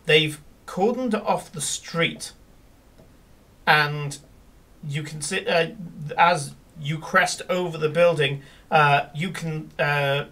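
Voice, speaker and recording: A man's voice: on the high side, sharp tone, far from the mic. A man running a tabletop game as game master, narrating scenes with many fillers and restarts.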